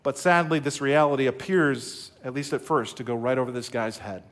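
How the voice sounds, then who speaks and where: A man's voice: mid-range voice, moderate pace, a bit bright. A middle-aged man from the United States preaching a sermon as pastor, earnest, leading the congregation in call-and-response.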